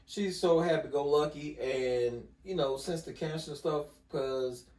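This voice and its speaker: A middle-aged man telling personal stories as a podcast guest in a relaxed, casual way, often saying "you know". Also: fairly high pitch, measured pace. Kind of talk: casual conversation. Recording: echoey room, distant mic.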